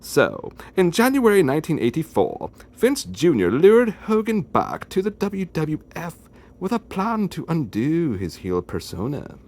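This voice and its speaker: Animated, jokey man reading aloud. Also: a little high, measured pace. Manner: jokey and animated, with asides and self-corrections. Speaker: video host. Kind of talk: casual commentary while reading aloud from a magazine.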